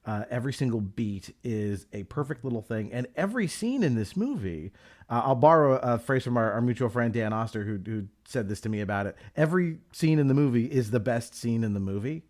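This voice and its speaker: A man's voice: medium pitch, expressive, brisk, darkish tone. A middle-aged man hosting a podcast, talking in a reflective, enthusiastic way with a lot of "like" fillers. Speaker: podcast host. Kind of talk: casual chat.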